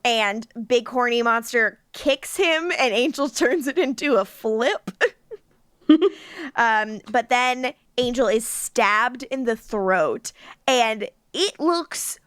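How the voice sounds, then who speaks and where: A woman's voice: on the high side, slow pace, fairly bright tone, clean tone, no echo, clean studio sound. A woman co-hosting a casual podcast, recapping scenes with giggles and playful swearing. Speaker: podcast co-host. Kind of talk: casual rewatch podcast chat.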